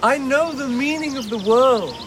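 Paranoid young husband. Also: male voice, very high voice, moderate pace, noisy background. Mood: agitated. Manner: agitated, insistent.

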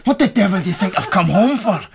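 An actor playing a coarse, bullying soldier home on leave, speaking with a Scottish accent in a crude, domineering way. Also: male voice, high voice, sing-song, fast, background noise. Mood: contemptuous.

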